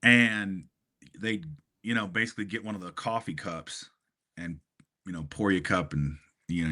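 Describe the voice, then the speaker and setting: A man's voice: sits low, sharp tone. A man from Hawaii chatting casually on a podcast, telling a rambling story with lots of fillers and chuckles. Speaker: podcast co-host. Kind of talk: casual chat.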